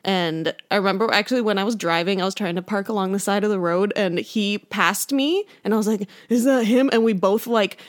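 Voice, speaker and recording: A woman's voice: mid-range voice, fairly quick, hardly any pauses. A young woman casually telling a rambling story to a friend, full of fillers and laughter. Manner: rambling, heavy use of "like", laughs while telling stories.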